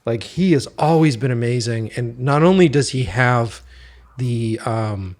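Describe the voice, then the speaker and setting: A man's voice: mid-range voice, expressive, a little slow, darkish tone. A man hosting a podcast, telling stories in casual interview chat, laughing and swearing freely. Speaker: podcast host.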